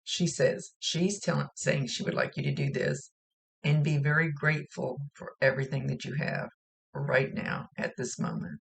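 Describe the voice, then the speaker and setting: A woman working as a psychic medium gives a reading, chatting plainly as she passes along messages from spirits in a recorded monologue. Her voice sits low with a steady tone and vocal fry, at a moderate pace.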